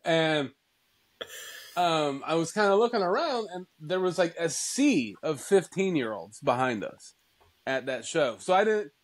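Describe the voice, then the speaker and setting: A man's voice: on the high side, animated, a little slow, rough recording. A man in his thirties co-hosting a podcast, rambling loosely with lots of fillers and laughing often. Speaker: podcast co-host. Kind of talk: casual chat.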